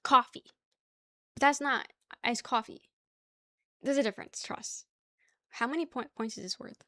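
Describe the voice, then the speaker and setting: A woman's voice: high-pitched, moderate pace, no room sound. A young woman from the New area, chatting casually on a stream, rambling, laughing often and reading chat aloud. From New York area.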